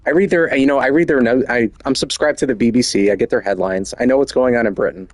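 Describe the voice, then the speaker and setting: A man's voice: medium pitch, fast, dry recording. A man talking casually in a boastful, rambling way, chuckling now and then as he goes. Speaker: show host. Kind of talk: casual monologue.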